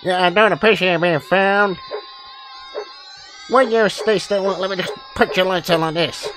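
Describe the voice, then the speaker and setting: A man's voice: high voice, measured pace, background noise. A man doing an impression of a middle-aged cartoon dad, commentating a horror game in a hesitant way. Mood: panicked. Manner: hesitant, many uhs, yelps in panic. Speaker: gameplay commentator. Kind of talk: Let's Play commentary in an impression voice. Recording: music playing behind.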